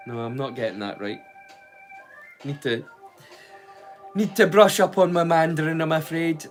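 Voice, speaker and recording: A man's voice: fairly high pitch, unhurried, long pauses, faint music behind. A man from Scotland with a Northeast Scottish Doric accent, chatting casually and jokingly with his livestream chat. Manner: joking, rambling, playful. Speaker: livestream host.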